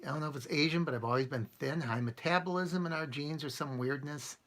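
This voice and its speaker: A man's voice: on the high side, quick pace, a bit bright. A man hosting a casual live stream, rambling and chuckling as he answers comments from his viewers. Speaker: channel host answering live chat.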